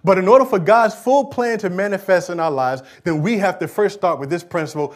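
A middle-aged male pastor preaching a sermon in a church, swinging from quiet asides to loud, emphatic declarations. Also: high voice, a little fast, few pauses.

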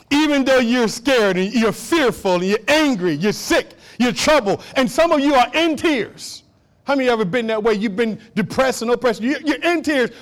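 A man preaching a sermon as a pastor, swinging between loud exhortation and soft, low asides, repeating short phrases for emphasis.

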